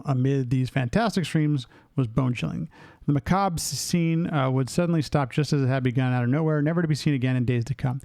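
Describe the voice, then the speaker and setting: A young man streaming a game, reading the on-screen text aloud with halting starts and casual asides to viewers. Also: medium pitch, dark tone, no room sound. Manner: reads aloud haltingly, breaking off for asides and laughs.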